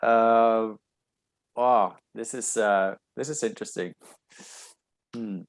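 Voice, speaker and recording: Guy on a podcast, kinda low voice, pauses a lot looking for the right word. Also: steady tone. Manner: thoughtful, hesitant, searching for words. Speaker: podcast guest. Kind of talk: casual podcast conversation.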